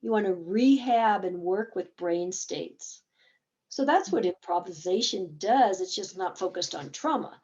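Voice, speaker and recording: A woman's voice: medium pitch, lively intonation, unhurried, a little mellow, muffled recording. A woman therapist explaining a game in a conversational teaching talk, acting out bits of dialogue as examples.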